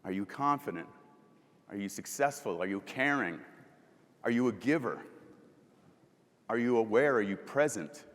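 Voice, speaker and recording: A man's voice: lowish voice, lively intonation, moderate pace, long pauses. Man giving a keynote in a reverberant hall. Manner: asks the audience questions and leads breathing exercises. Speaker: motivational speaker. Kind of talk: live conference keynote. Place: large conference hall.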